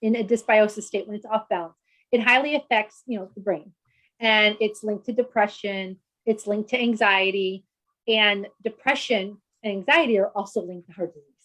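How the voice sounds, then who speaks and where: A woman's voice: mid-range voice, moderate pace, a bit bright, low-quality recording. Chatty woman doctor explaining health. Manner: explanatory, chatty, frequent "you know" fillers. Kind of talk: conversational explanation.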